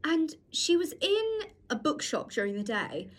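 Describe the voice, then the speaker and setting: A woman's voice: high voice, a little slow. A woman in her twenties, co-hosting a podcast, chatting casually and acting out the people in her stories. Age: 20s. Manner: animated storyteller, acts out quotes. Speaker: podcast co-host. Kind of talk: casual chat.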